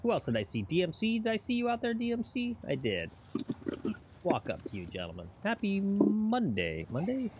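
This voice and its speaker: A man's voice: high-pitched, wildly swooping pitch, a little fast, noisy background. A man co-hosting a casual golf livestream, reading chat and teasing with mock announcer bits.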